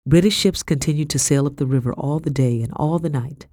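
A woman's voice: sits low, fairly quick, warm tone, dry recording, studio quality. Woman reading a historical novel aloud. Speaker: audiobook narrator.

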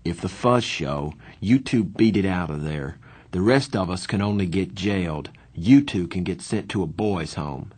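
A man's voice: deep voice, animated, normal speed, darkish tone, slightly rough, no echo. A man voicing a stern, protective older brother in a storybook reading, firm and commanding.

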